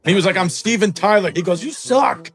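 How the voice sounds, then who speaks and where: A man tells a comic story, animatedly acting out his father and himself. His voice sits a bit high, with faint music playing underneath. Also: fairly even intonation, quick pace. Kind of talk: comic anecdote.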